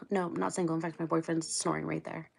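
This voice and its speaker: Speaking quickly in a flat, low-pitched voice with vocal fry and a slight roughness, a middle-aged woman from Ohio runs a casual livestream. She's chatty and rambling, laughing often as she responds to viewers' comments.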